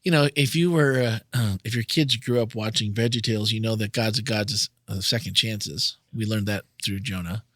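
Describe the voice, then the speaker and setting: A man's voice: fairly low pitch, normal speed, few pauses, a bit bright, dry recording, clean studio sound. A man in a casual discussion who chats, laughs and adds short remarks.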